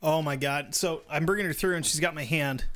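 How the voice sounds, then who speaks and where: Laid-back man with a higher voice. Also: brisk, a bit bright, slight background noise. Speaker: haunted attraction actor. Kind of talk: casual chat.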